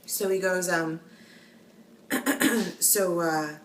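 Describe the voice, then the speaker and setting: A woman's voice: fairly low pitch, extremely slow, slight background noise. A young woman vlogger telling a story in a rambling way, full of restarts and fillers. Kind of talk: casual storytelling. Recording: roomy echo, a bit far from the mic.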